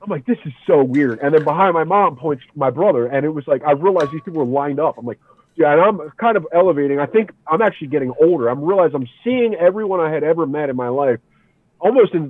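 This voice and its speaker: Casual male podcast guest from the Philly area, animated storyteller, swears and says "dude" a lot, tinny dry phone-line sound. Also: fairly high pitch, dry recording. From Philadelphia area.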